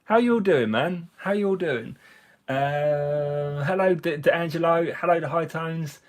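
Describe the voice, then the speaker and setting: His voice is on the high side and unhurried. He's a livestream host, slightly drunk, cleaning finds as he chats casually with viewers, cracking jokes and laughing often.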